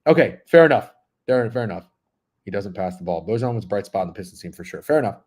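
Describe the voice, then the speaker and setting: Hosting a sports betting stream, this man in his thirties speaks quickly in a lowish, slightly mellow, expressive voice. He reads chat messages and rambles on, swearing freely and occasionally talking with food in his mouth.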